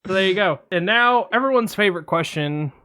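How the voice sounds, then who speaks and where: A young man co-hosting a casual film podcast, joking and boastful, talking in quick bursts with fillers. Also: high-pitched, expressive, sharp tone, smooth, dry recording. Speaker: podcast co-host.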